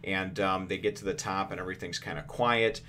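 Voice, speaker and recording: A man's voice: sits low, fairly even intonation, brisk, sharp tone, a little hiss or hum. A man hosting a casual comic review, rambling with lots of fillers and restarts and laughing often. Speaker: host.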